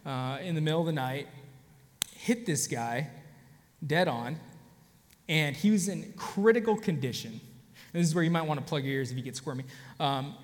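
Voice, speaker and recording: Man pastor, casual sermon, fairly high voice, hall reverb. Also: fairly bright tone. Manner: conversational, frequent restarts, addresses audience directly. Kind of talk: sermon with personal story.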